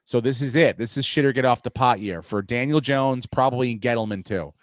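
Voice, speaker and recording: A man hosting a podcast, talking sports in a profane, rambling, excitable way. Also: medium pitch, brisk, dry recording. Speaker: podcast host. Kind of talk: casual sports chat.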